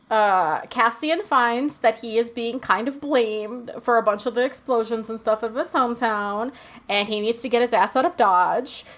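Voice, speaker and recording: A woman co-hosting a podcast in casual chat, recapping a TV episode with loose, profane talk, lots of fillers, and acted-out character lines. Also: a little high. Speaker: podcast co-host.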